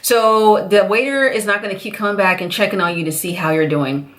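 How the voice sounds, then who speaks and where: A young woman from the United States, chatting casually to camera with lively, chatty talk that keeps slipping into quoted voices. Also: medium pitch, fairly quick. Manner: chatty, animated, jumps into voices. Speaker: vlogger.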